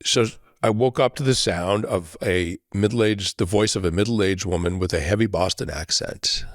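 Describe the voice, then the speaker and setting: A man as a podcast guest, telling a reflective story in an earnest way, often checking in with a quick "right?". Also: deep voice, no echo, clean studio sound.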